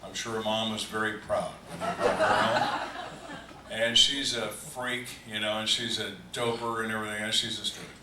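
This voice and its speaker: An older man who was a homicide detective tells dry, deadpan stories with slow, emphatic pauses at a live fan Q&A. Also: fairly low pitch, very noisy. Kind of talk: live storytelling Q&A. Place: event room on a cruise ship, live audience. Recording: echoey room, distant mic, faint ambience.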